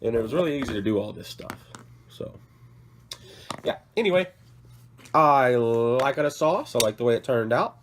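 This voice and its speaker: Animated and pausing often, a medium-pitched man talks at normal speed over slight background noise. He's the host of a hobby channel, sick and coughing, who rambles, apologizes, and corrects himself while showing off models from his work table.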